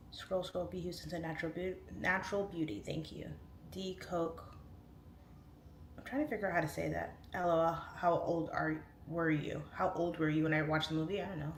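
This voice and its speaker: A woman's voice: fairly low pitch, gravelly. Chatty woman in her thirties, roomy sound. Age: 30s. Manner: chatty, laughing, goes off on tangents. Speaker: livestream host. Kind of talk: casual livestream chat reading comments. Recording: roomy echo, faint room noise.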